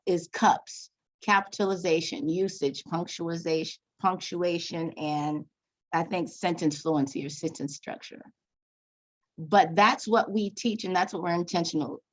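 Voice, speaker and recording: Woman teacher leading a teacher training session, lowish voice, casual and self-correcting, dull lo-fi recording. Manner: conversational, restarts and corrects herself. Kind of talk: professional development talk to teachers. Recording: dull lo-fi sound.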